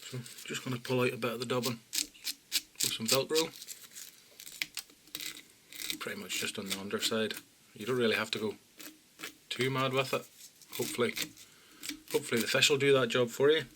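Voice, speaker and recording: Man, calm tutorial voice, plain instructions, quiet moments, faint background noise. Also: mid-range voice, a little fast, long pauses. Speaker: fly-tying instructor. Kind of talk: step-by-step tutorial narration.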